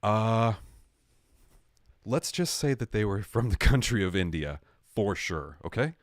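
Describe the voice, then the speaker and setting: A man's voice: fairly low pitch, big pitch swings, unhurried, no echo, studio quality. A man hosting a livestream, telling a story in a jokey, sarcastic way and correcting himself as he goes. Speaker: livestream host. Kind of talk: casual storytelling rant.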